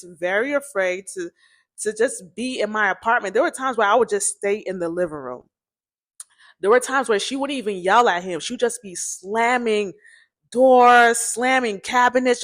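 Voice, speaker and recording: A woman casually telling a personal story to her viewers, chatty and animated, often turning to address them directly. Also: mid-range voice. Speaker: storytime vlogger.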